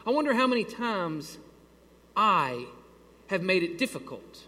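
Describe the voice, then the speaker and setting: Pastor guy preaching, animated storyteller, pretty high voice, big echoey church sound. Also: unhurried. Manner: animated, builds to loud exasperated storytelling. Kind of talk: sermon with a storytelling aside. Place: church sanctuary. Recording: long hall reverb.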